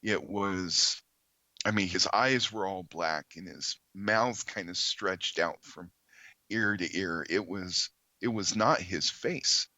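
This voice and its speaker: A man, a podcast guest, earnestly telling a story in conversation, halting with many ums and restarts. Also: low voice, pushed and bright, no echo, muffled recording.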